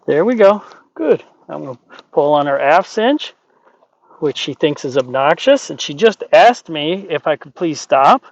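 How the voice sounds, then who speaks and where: Calm, soothing male horse trainer. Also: fairly high pitch, a little slow, muffled recording. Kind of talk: training commentary.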